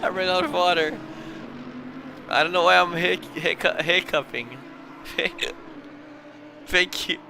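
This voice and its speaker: A man's voice: high voice, normal speed, vocal fry, pushed and bright, slight background noise. Hiccuping young male race commentator. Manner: flustered, self-mocking, apologetic between calls. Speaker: sim racing commentator.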